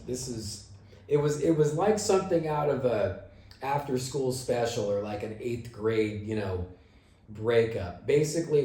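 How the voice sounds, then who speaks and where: A man's voice: mid-range voice, dark tone, echoey room. A middle-aged man telling the story of his band in a casual monologue, swearing and acting out his own angry reactions.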